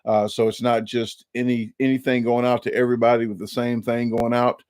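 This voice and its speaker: A man in his forties from Illinois, talks through a casual live stream. He rambles, restarting sentences and repeating small words as he goes. His voice sits at an ordinary middle pitch, and the sound is dry, with no room echo. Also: level tone, brisk, a little mellow, clean tone. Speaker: YouTube channel host.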